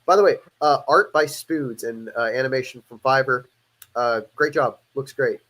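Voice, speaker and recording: A man in the middle register chatting on his own stream, rambling loosely through stories with plenty of swearing. He restarts sentences often and keeps a relaxed, offhand tone. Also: mid-range voice, moderate pace. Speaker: host and musician. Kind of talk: casual chat on a livestream.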